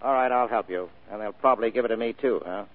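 An actor playing a hard-boiled private detective in a vintage radio drama, terse and dryly wisecracking. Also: male voice, on the low side, fast, lightly acted. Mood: dry, wry. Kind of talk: 1940s radio acting. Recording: tinny old radio broadcast recording.

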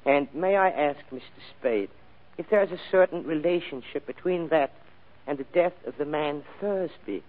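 An actor playing a fussy, overly courteous foreign gentleman with formal phrasing in a vintage radio drama. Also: on the high side, moderate pace, natural voice. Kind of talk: 1940s radio acting. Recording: tinny old radio broadcast recording.

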